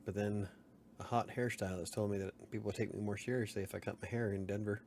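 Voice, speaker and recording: Low-pitched male streamer, loose rambling chat, chuckles often, faint room hum behind. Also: steady tone, fast talker, darkish tone. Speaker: livestream host. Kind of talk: casual late-night livestream chat.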